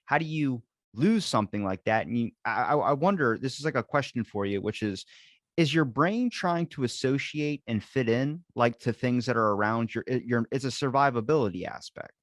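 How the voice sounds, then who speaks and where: A man's voice: mid-range voice, expressive, normal speed, no room sound. A man from Maryland hosts a casual podcast chat, his voice in a middle register. He rambles through his thoughts with many restarts and "likes", recorded in a dry, close space. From Ocean City, Maryland. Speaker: podcast host.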